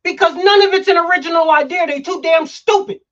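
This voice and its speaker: A man's voice: very high voice, brisk, a bit bright, highs cut off. A middle-aged man hosting a political talk show, heated and emphatic, swearing now and then. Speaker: host.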